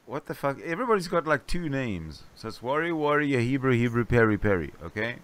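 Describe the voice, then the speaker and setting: A man's voice: medium pitch, sing-song, fairly quick, a bit bright. A man in casual chat making wry, mocking asides.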